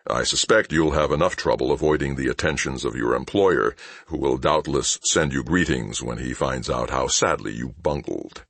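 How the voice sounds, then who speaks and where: A man voicing a calm, menacing male shipmaster who makes dryly mocking threats in a conversational tone. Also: extremely low pitch, normal speed, breathy edge, no room sound, full character voice. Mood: calm menace. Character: cool, menacing male shipmaster, sardonic and unhurried. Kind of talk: audiobook character voice.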